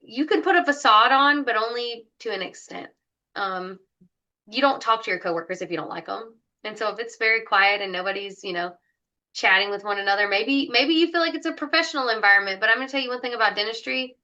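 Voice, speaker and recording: A woman's voice: a little high, expressive, quick pace, sharp tone, lo-fi sound. A woman co-hosting a casual podcast chat, giving upbeat, enthusiastic advice about hiring in dental offices. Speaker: co-host, dental recruiter.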